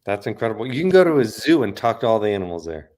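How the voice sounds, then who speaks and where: A man's voice: lowish voice, big pitch swings, rapid-fire, a little mellow. A man who hosts a podcast, asking questions in a friendly, enthusiastic way. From Tennessee, United States. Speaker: podcast host. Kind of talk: podcast interview.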